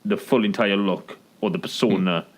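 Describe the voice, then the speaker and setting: This is a man with a low voice, chatting casually as a podcast co-host. He talks excitably, stringing his thoughts together with "like" and "you know.". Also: normal speed. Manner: excitable, heavy use of "like" fillers. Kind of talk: casual chat.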